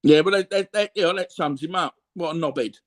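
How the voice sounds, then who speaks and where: A man's voice: a little high, a little fast. A middle-aged Cockney man telling blunt, rambling stories as an interview guest, full of fillers and repeats. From London, England. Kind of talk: candid conversational storytelling.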